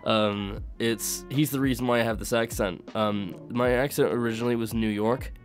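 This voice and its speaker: A man's voice: medium pitch, fairly even intonation, normal speed, faint music behind. A young man who grew up in the UK, talking in a mixed American-sounding accent, chatting casually on a stream, rambling and laughing, with light swearing. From United Kingdom. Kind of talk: casual chat to live chat.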